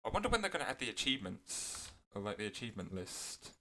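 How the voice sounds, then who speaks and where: A man with a fairly low voice talks through his gameplay in a loose, rambling way, full of fillers and mid-sentence corrections. His voice cracks here and there as he goes. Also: sing-song, fast, pushed and bright. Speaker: gameplay video creator. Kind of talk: casual gameplay commentary.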